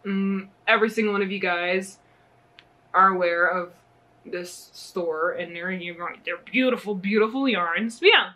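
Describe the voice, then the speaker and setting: With a medium-pitched, pushed and bright voice, a young American knitting vlogger talks through her yarn haul in casual chat. She comes across bubbly and gushing, giggling often.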